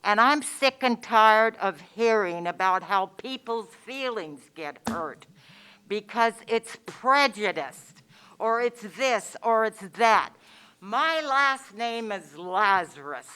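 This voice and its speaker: A woman's voice: mid-range voice, a bit bright, clean tone. A woman giving public comment at a county meeting, angry and emphatic, repeating her points.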